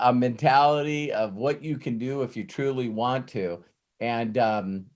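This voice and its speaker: A man's voice: medium pitch, a little slow. A man hosting a Q&A, retelling a story with frequent "uh" fillers before an earnest motivational pep talk, heard over a video call.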